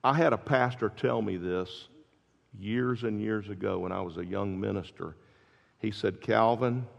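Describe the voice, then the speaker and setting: A man preaching a sermon as pastor, telling stories with rising intensity and quiet drops. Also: on the low side, measured pace, gravelly. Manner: animated storytelling, builds to loud peaks then drops soft. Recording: dull lo-fi recording in a large reverberant hall.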